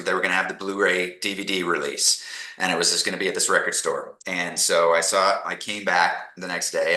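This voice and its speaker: A middle-aged man from Canada, a podcast guest telling animated stories and acting out the people he quotes. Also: deep voice, echoey room, low-quality recording. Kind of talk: casual storytelling interview.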